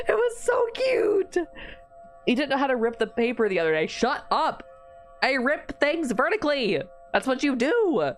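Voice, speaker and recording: A woman streamer chatting casually through a live game stream. Her pitch swoops up and down with plenty of life, and she swears freely while bantering back at her chat.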